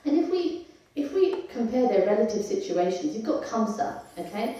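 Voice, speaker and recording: A woman's voice: on the high side, very animated, normal speed, warm tone. A woman giving a devotional scripture class in a conversational way, asking her audience questions as she goes. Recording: echoey temple hall, voice from far off.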